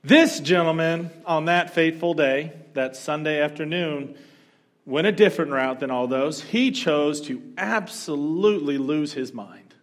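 A male pastor telling a story during a sermon, animated and joking now and then. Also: fairly high pitch, unhurried. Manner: storytelling, animated, humorous asides.

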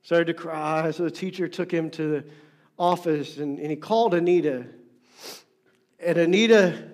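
A middle-aged pastor preaching a sermon, repeating phrases for emphasis and swinging between loud stresses and soft whispers. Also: male voice, a little high, moderate pace.

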